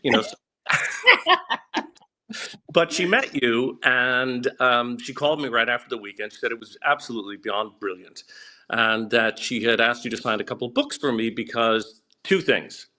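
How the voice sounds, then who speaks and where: A man from Ireland, a singer and actor, telling a lively anecdote as a talk show guest. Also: medium pitch, normal speed. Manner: lively anecdote-telling, acts out quoted lines. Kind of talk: casual storytelling.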